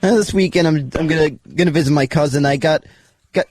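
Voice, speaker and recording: A man co-hosting a call-in radio show, answering in halting, stumbling phrases that repeat words. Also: fairly high pitch, a little mellow. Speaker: radio co-host.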